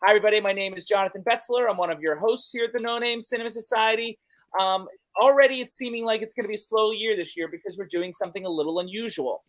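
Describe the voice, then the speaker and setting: A man's voice: high voice, quick pace, a bit bright. Upbeat man hosting a film review show. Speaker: host. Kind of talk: casual podcast chat.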